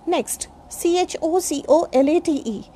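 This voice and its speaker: A middle-aged woman from India teaching pronunciation, spelling each word out letter by letter in a deliberate way. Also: extremely high pitch, mellow, slight background noise. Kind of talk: pronunciation lesson.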